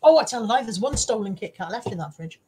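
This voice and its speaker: A woman's voice: medium pitch, expressive, fast, warm tone, a little hiss or hum. A woman hosting a casual live stream, chatting to her viewers and reading out their comments, self-deprecating and swearing now and then.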